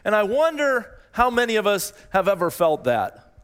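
Pastor guy preaching, kinda high voice for a man, repeats himself, big echoey church hall. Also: very animated, moderate pace, a bit bright, smooth. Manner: earnest, repeats phrases, rises in pitch when voicing pleas. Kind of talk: sermon. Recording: long reverb in a large hall.

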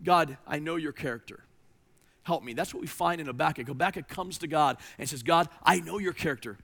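Man preaching a sermon, high voice, bright and forceful tone, emphatic with hushed drops. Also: a little fast, creaky. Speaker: pastor.

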